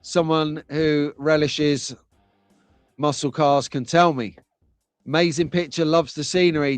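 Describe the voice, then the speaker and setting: Brief: middle-aged male stream host, slightly high voice, jokey chat, dry close mic, faint music bed. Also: a little slow, clear, resonant tone, no room sound. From England. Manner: chatty, jokey, reads out chat comments. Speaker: host of a live slot car stream. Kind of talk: casual live-stream chat. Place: home.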